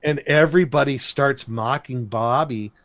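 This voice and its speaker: A man's voice: mid-range voice, moderate pace, no room sound. A man co-hosting a podcast, recapping a cartoon episode in casual chat and acting out the characters' lines. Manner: animated storyteller, acts out character lines. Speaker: podcast co-host.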